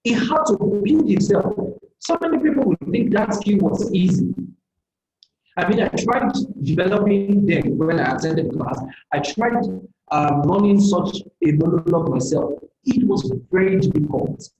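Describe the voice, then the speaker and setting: A speaker delivers an earnest, motivational career seminar with a mellow, soft-edged tone. The talk halts now and then on fillers and restarts. The voice sits in a roomy, echoey space. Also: medium pitch, lively intonation, normal speed, highs cut off, slight background noise.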